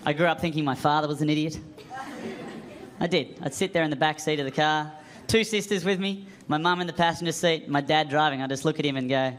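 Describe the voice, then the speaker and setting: A man with an Australian accent doing a self-deprecating stand-up set, shouting his punchlines. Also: a little high, fast talker. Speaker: stand-up comedian. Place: comedy club stage. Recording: live club recording, crowd noise. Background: laughing audience.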